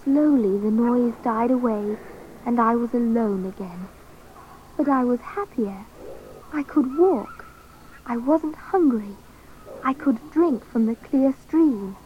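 A woman narrating a story in the first person, reading clearly and deliberately. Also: a little high, narrow, tinny audio, slight background noise.

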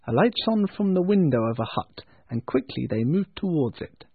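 Guy reading a storybook slowly and expressively, husky voice, tinny like a phone. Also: a little high. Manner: slow and expressive. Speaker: narrator. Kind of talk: storybook narration.

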